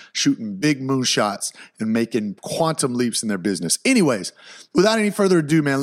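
A young man hosting a podcast, telling a story in an excitable, slangy way with sudden loud outbursts. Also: medium pitch. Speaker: podcast host. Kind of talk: casual solo podcast storytelling.

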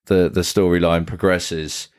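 Wry low-voiced man. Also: flat delivery, unhurried, a little mellow. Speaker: podcast co-host. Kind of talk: casual film discussion.

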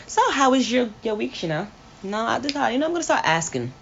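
A woman co-hosting a casual sports podcast, animated and slangy, laughing often. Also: on the high side, fairly quick, vocal fry. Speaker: podcast co-host. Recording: dull lo-fi audio with faint hiss.

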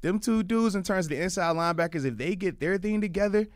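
A man's voice: sits high, quick pace, no room sound, clean studio sound. A man co-hosting a sports talk show, joking and emphatic as he breaks down the team. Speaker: sports analyst co-host.

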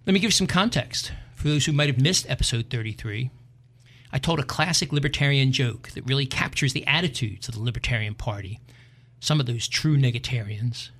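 A man's voice: medium pitch, brisk, a bit bright. A middle-aged man hosting a podcast, delivering an emphatic, digressive opinion rant with wry asides. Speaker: podcast host.

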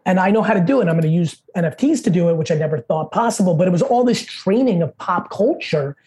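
A man as a podcast guest, telling stories in a fast, profane, high-energy way. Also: animated, darkish tone, breathy edge. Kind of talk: casual interview storytelling.

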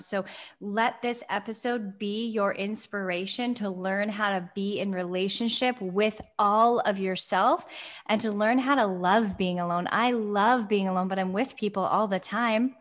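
A woman's voice: medium pitch, moderate pace, fairly bright tone. A young adult woman co-hosting a podcast, talking in an effusive, emphatic casual chat and repeating phrases for stress. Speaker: podcast co-host.

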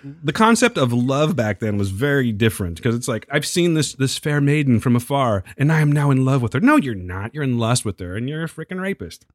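Male co-host, blunt and profane film talk, lively voice, dry recording. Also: medium pitch, fairly quick, dry recording. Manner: blunt, swears, indignant. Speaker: podcast co-host. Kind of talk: casual film review chat.

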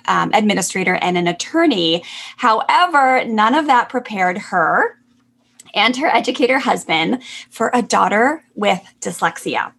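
Effusive woman podcast host, slightly gravelly. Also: medium pitch. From California. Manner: warm, effusive and encouraging. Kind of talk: casual podcast chat.

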